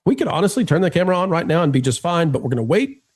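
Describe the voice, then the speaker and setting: A man hosting a live stream in casual chat, animated and joking as he talks straight to his viewers. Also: on the high side, rapid-fire, husky. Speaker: livestream host.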